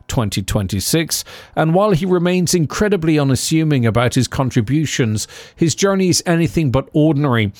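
Polite podcast host, slightly high voice. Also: male voice, a little mellow, dry recording, clean studio sound. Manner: polite, halting with uh and um when asking. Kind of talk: scripted intro then interviewing.

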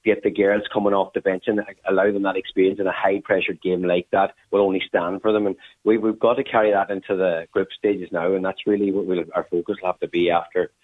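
A man's voice: sits low, flat delivery, fast, few pauses. A man, a team manager giving a phone interview, rambling with many fillers. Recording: tinny phone line.

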